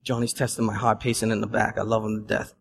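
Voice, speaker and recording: A man's voice: on the low side, little pitch movement, fast talker, creaky, a little hiss or hum. Man preaching in a reverberant church. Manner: conversational, emphatic preaching with asides to the congregation. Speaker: pastor. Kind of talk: sermon. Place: church sanctuary. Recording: long reverb from a church hall.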